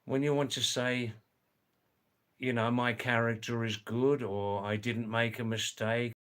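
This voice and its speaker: A man's voice: medium pitch, little pitch movement, measured pace, a bit bright, clean tone. A man with an Australian accent hosting a casual live stream, chatting and reading viewer comments aloud. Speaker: livestream host reading chat.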